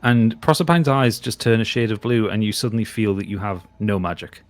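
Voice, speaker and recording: A man's voice: on the low side, fairly quick. A man narrating a tabletop game as game master, often restarting his sentences and laughing. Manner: stumbling restarts, laughing asides.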